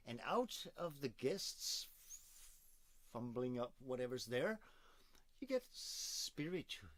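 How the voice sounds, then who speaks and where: A man, hoarse from coughing, casually rambling through a voice demonstration and making puns as he goes. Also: fairly high pitch, no room sound. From Denmark. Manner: digressive, punning, playful. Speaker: video host demonstrating a voice technique.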